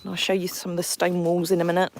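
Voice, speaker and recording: A woman's voice: lowish voice, completely flat delivery, fast talker, slight background noise, low-quality recording. An Englishwoman hosting a live stream outdoors, chatting casually as she reads out where her viewers are from. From England. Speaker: horse sanctuary owner hosting a livestream. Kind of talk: live-stream chat while riding a horse. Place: outdoors on a country lane.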